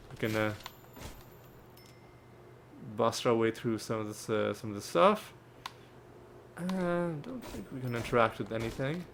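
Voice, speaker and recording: A man's voice: mid-range voice, gravelly, fairly bright tone, a little hiss or hum. A man playing a video game and chatting casually about it, often laughing and restarting words. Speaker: gaming channel host.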